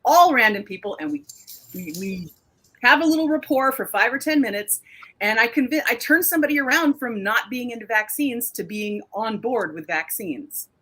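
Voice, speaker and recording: A woman on a comedy panel, storytelling with big upward pitch jumps and animated delivery. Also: moderate pace, husky. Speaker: panelist, artist and podcaster. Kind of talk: casual panel discussion.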